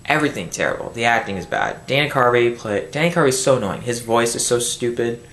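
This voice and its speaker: A man's voice: medium pitch, lively intonation, quick pace, a bit bright. A man ranting angrily in a movie review. He rambles, restarts sentences and swears, recorded on a built-in camera microphone at home. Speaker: film reviewer. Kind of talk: angry movie review rant. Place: home room. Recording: echoey room, built-in camera mic.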